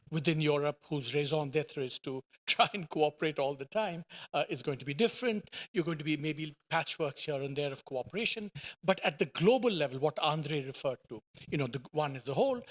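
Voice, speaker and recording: A man's voice: fairly high pitch, a bit bright. A middle-aged man from India, giving a conference panel presentation as an economist. He stumbles into sentences with many fillers and repeats words for emphasis. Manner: hesitant starts with many fillers, emphatic repetition.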